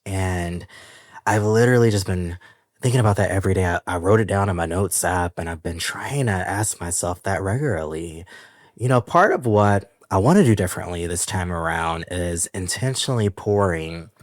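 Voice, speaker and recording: A man hosting his own music podcast in a casual, animated, chatty way, laughing often and using easy slang. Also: sits low, moderate pace, no echo, clean studio sound. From San Francisco Bay Area. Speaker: podcast host. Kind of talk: casual solo podcast chat.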